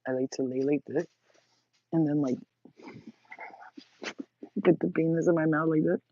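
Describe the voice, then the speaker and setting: A woman's voice: deep voice, fairly even intonation, moderate pace, dark tone, highs cut off, slight background noise. A woman vlogger rambling bluntly to the camera, crude and laughing often. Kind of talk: casual rambling monologue.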